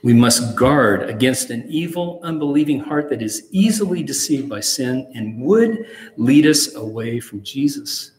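A man's voice: medium pitch, animated, unhurried. A man preaching a sermon earnestly and with emphasis, reading passages aloud. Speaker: pastor. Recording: echoey hall with long reverb.

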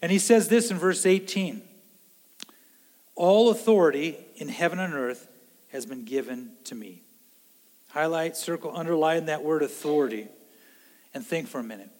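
A man preaching a sermon in an earnest way, swinging between loud emphasis and hushed low lines. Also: normal speed, long pauses, in a large hall. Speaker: pastor.

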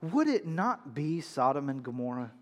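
A man preaching a sermon, reading scripture and explaining it, with emphatic, drawn-out shouts on key words. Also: a little high, sing-song, in a large hall. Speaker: pastor.

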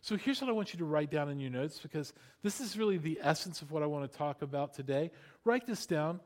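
A male pastor in middle age delivers a sermon in a high, bright-sounding voice. He talks animatedly, drifting into playful asides and rhetorical questions aimed at his listeners. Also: expressive, fast.

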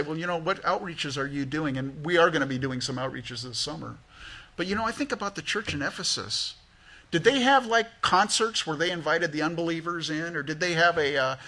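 A male pastor preaching a sermon in a church, talking conversationally with lively asides. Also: a little high, slightly rough. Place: church sanctuary.

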